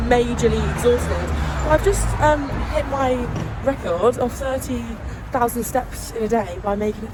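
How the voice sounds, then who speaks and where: A young woman from Britain, speaking British English in a mid-range voice, chats through a casual travel vlog outdoors with background noise. She rambles along, cursing freely and laughing often.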